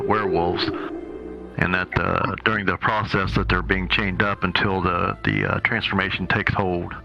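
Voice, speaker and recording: A man's voice: lowish voice, vocal fry, lo-fi sound. A man playing in a tabletop game, describing his moves in a rambling, hesitant way. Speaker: player.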